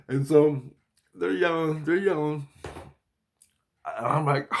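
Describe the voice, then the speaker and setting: Excitable, profane man telling a story. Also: medium pitch, unhurried, creaky, pauses often. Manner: excitable, profane, repeats exclamations. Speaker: personal storyteller. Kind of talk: casual rambling monologue.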